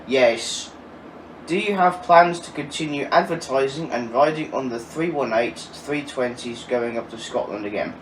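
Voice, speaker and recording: A man in his twenties answering viewer questions in a casual, chatty way. He laughs often and swears now and then. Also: medium pitch. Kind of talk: casual Q&A chat. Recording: echoey, distant mic with faint ambient noise.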